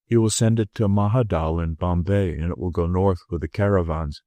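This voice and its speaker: A quiet male captive pleads in a soft, solicitous tone from an asylum cell, as a man voices him in an audiobook. His voice is low and the recording is dry and close. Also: brisk, dry recording, lightly acted. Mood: pleading.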